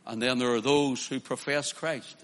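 Impassioned preacher in a reverberant hall. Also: male voice, medium pitch, fairly even intonation, normal speed, fairly bright tone. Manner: impassioned, rising to emphatic declarations. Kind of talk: sermon.

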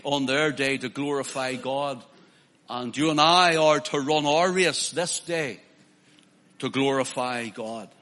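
Impassioned preacher in a reverberant hall. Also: male voice, fairly high pitch, pushed and bright. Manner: impassioned, rising to emphatic declarations. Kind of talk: sermon.

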